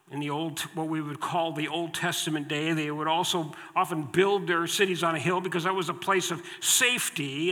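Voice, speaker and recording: A pastor preaches a sermon from the pulpit of a church sanctuary, his voice on the high side, pushed and bright. He speaks emphatically and repeats his key phrases, with long hall reverb filling the church recording.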